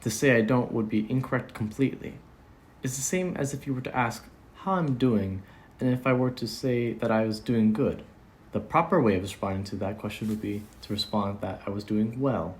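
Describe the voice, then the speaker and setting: A man voicing an old-fashioned male vampire who speaks in a measured, formal, pedantic way. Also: mid-range voice, close to an everyday voice. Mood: lecturing. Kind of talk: amateur audio drama.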